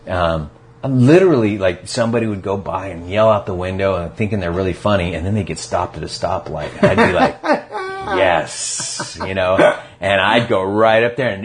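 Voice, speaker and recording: A man with a very low, deep voice tells stories in an easy, casual way. He acts out the quotes with feeling, and he talks like a guest on a relaxed podcast. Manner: animated storyteller acting out quotes. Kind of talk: casual recovery talk.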